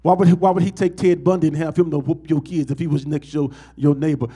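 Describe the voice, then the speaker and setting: Man, pastor, sermon, call-and-response questions, slightly high voice, mellow warm tone. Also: fairly even intonation, fast, breathy edge.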